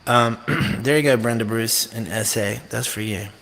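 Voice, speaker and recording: A man's voice: medium pitch, moderate pace, gravelly. Rambling, joking man streaming live. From North Carolina. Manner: rambling, jokey, animated storytelling. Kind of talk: casual chat on a live stream.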